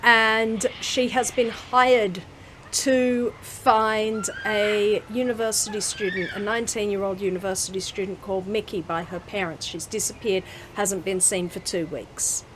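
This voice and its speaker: An Australian woman in her forties in a casual book review chat, chatty and emphatic, pausing to search for words. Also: mid-range voice, fairly even intonation, a bit bright, slight background noise.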